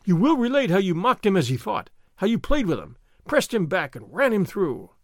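Brief: narrator doing an idle, well-bred gentleman, lightly mocking, high lively voice. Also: normal speed, no echo, clean studio sound. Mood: teasing. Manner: leisurely, mildly teasing, refined. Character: languid young male nobleman, mild and mocking. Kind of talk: audiobook character reading.

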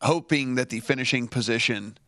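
A man with an average-pitched voice co-hosts a casual sports betting chat. He speaks haltingly with many restarts, and the recording is dry and close. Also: fairly bright tone, dry recording. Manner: halting, full of fillers and restarts. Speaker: sports betting show co-host.

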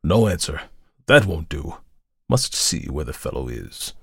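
Hoarse man doing a gruff, grim ghost warrior for a storybook reading; deep, gravelly, dry. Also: lively intonation, moderate pace, dry recording. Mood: grumbling.

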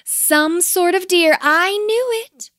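A woman voicing a large female owl in a storybook, excited and knowing. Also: very high-pitched, slow, no room sound, clean studio sound, voice pushed up, full character voice. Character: large female owl, sharp-eyed, eager.

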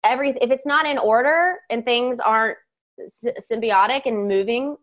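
A woman hosting a casual podcast chat, friendly and enthusiastic and quick to laugh. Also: a little high, a bit bright. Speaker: podcast host.

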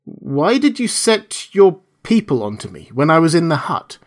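A man reading the part of a cold, steady male mad scientist in an audiobook, talking in a measured, persuasive way. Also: a little high, pitched above the performer's own voice.

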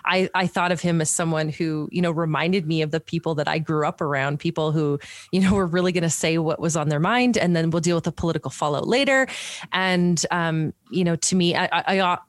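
A woman's voice: low voice, no room sound. A middle-aged woman from Canada, a PR professional and podcast host, talking candidly and animatedly as an interview guest. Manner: animated, candid, frequent restarts and laughs. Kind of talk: conversational interview.

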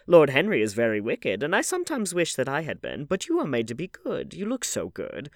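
A man reading an audiobook, voicing an elderly aristocratic hostess in a high, emphatic falsetto. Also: wildly swooping pitch, fairly quick, no room sound, studio quality. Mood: scandalized gossip. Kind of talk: audiobook character voice.

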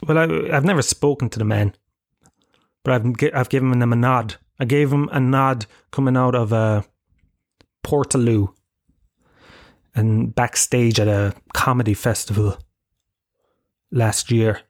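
A man in his thirties with an Irish accent talks at a mid-range pitch, spinning loose, swear-laden stories that poke fun at himself. His voice sits close and dry, with almost no room sound around it. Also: fairly even intonation, a little slow, long pauses, dry recording. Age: 30s. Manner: rambling, profane, self-mocking storytelling. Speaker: podcast host. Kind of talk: casual solo podcast chat.

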